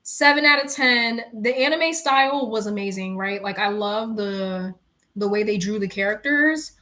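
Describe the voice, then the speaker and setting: A young woman from New York with a New York accent, chatting casually and retelling a story in slangy, animated talk with frequent laughs. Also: mid-range voice, brisk. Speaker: streamer. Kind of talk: casual chat.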